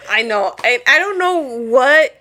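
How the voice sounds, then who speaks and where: A woman's voice: sits high, lively intonation, measured pace, bright, forceful tone. A tired young woman co-hosting a podcast in casual chat, swearing casually and mixing Spanish into her English. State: tired, low energy. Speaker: podcast co-host.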